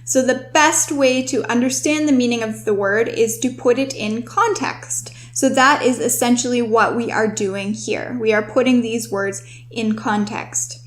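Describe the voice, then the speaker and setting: Young woman tutor going over vocab words, kinda high voice, clear and careful, slows down on the key words. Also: steady tone. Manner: clear and instructive, slowing down to stress key words. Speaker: host and writing tutor. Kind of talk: scripted vocabulary lesson.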